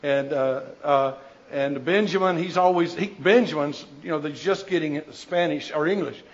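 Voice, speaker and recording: In a casual question-and-answer session, an elderly man responds with rambling, humorous stories full of restarts, delivered as an animated anecdotal storyteller. His pitch is somewhat high for a man, and he talks at normal speed on a dull, lo-fi recording.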